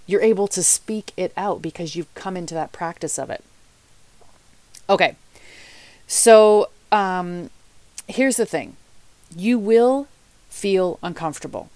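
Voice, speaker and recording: A woman's voice: fairly low pitch, animated, slow pace, long pauses, darkish tone, dry recording. A woman life coach giving motivational podcast talk, chatty and candid, speaking straight to her listeners.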